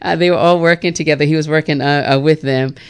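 Lively woman host with a smooth voice. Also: low voice, quick pace. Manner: lively, laughs often, many fillers. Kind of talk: casual storytelling chat.

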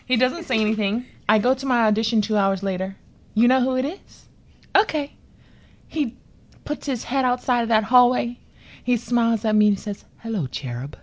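A woman telling a story in a relaxed chat, lively and playful, acting out the people she talks about. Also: a little high, normal speed. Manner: lively, animated, acts out voices in her story.

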